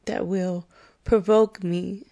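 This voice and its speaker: Slow-spoken gravelly woman podcast host. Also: fairly low pitch, steady tone, dark tone. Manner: earnest, candid, slow and deliberate; frank and profane, breaks into laughter. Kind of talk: confessional podcast monologue.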